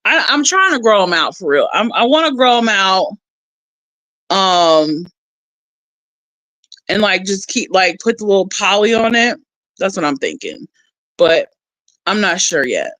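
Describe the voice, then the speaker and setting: A woman's voice: medium pitch, sing-song, unhurried, long pauses, a bit bright, no echo, rough recording. A woman chatting casually on a livestream, rambling and laughing as she reads her viewers' chat aloud.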